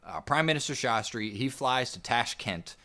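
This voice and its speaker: A man co-hosting a history podcast, recounting events in a relaxed, rambling way with plenty of "like" and "I guess". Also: medium pitch, moderate pace. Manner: relaxed, rambling storyteller with fillers. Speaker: podcast co-host. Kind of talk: casual history podcast narration.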